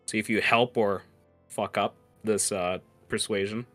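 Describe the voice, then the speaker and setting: A man with a low, bright, forceful voice runs a tabletop game, pausing often with fillers. The sound is dry and close, with faint music underneath. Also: steady tone, dry recording. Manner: hesitant, many fillers, laughs often. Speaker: game master.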